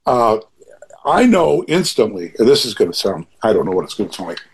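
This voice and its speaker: Older man, husky, animated pitch, earnest rambling talk, reflective chat guest. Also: fairly quick. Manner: rambling, earnest, with frequent restarts. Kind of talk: reflective conversation.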